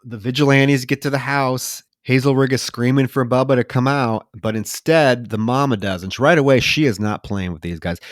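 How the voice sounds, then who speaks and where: A man's voice: mid-range voice, normal speed, few pauses, no room sound, clean studio sound. A man co-hosting a film podcast, casually recapping the plot and acting out the characters' lines. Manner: animated retelling with loud shouted quotes of film lines. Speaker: podcast co-host. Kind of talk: casual film-review chat.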